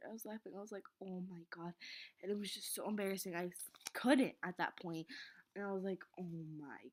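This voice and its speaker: A teenage girl telling an embarrassing story in a rambling, flustered way, often dropping to a whisper. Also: medium pitch. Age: teens. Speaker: vlogger. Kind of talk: casual storytelling vlog.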